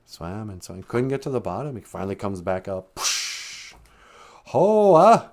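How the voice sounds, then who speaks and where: A man telling a traditional story in a relaxed, conversational way, with dramatic drops in volume. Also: low-pitched, fairly quick. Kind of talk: live-streamed oral storytelling.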